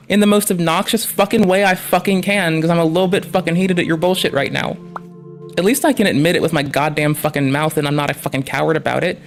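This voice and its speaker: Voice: medium pitch, fairly even intonation, quick pace, soft background music. A streamer doing reaction commentary on a livestream, talking in a heated, sarcastic way with lots of swearing and sounding annoyed. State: annoyed and frustrated.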